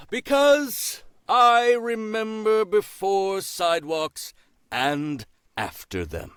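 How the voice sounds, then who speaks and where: A man voicing a calm, wise old male crow who speaks in wry, lofty remarks. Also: sits high, drawn-out words, clear, resonant tone, dry recording, clean studio sound, voice pushed up, exaggerated voice.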